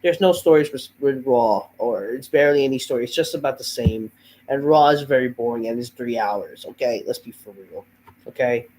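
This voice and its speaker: A man's voice: medium pitch, moderate pace, darkish tone, a little hiss or hum, low-quality recording. Fed-up male host, under the weather, profane and sighing through his rant. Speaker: host of a wrestling review show. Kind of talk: ranting show review.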